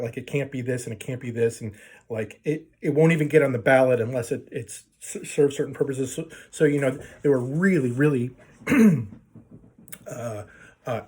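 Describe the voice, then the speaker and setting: A man's voice: medium pitch, a little mellow, breathy edge. A man telling a long story to his viewers in a casual, profane way, full of fillers and restarts. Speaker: video blogger telling a story.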